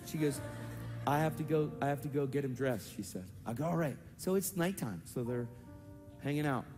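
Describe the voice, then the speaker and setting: A man preaching at a conference, telling testimonies in an animated storytelling manner and acting out other people's voices. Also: moderate pace. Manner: animated storytelling, acts out voices with big pitch jumps. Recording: hall reverb with faint music.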